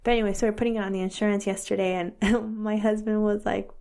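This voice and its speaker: A woman co-hosting a podcast, telling stories in a casual, animated way with lots of giggles and quoted voices. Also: mid-range voice, fast, creaky. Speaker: podcast co-host. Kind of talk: casual chat.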